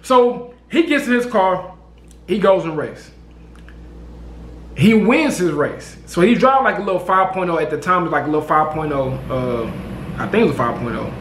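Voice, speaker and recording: A man telling a story to camera in a casual, slangy, animated way, repeating himself. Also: high-pitched, normal speed, roomy sound, a little hiss or hum. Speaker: vlogger. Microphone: camera mic.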